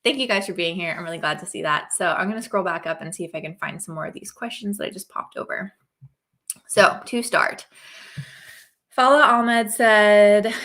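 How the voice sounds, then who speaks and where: A woman's voice: mid-range voice, fairly bright tone. A woman from Oregon hosting a casual livestream chat, upbeat and chatty, greeting viewers by name, with a slight cold. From Oregon, USA. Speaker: host.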